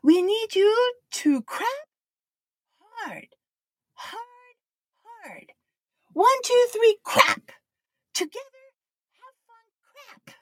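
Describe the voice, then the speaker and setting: A woman imitating a flustered male interpreter who speaks halting, broken English. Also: very high-pitched, sing-song, dry recording, clean studio sound, voice pushed up, heavily acted. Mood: announcing.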